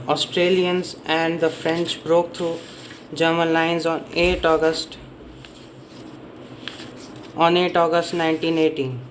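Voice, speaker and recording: A man's voice: a little high, slight background noise, rough recording. A man giving a casual spoken summary of a history book, rambling and often correcting himself as he stumbles over names and dates. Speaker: book reviewer.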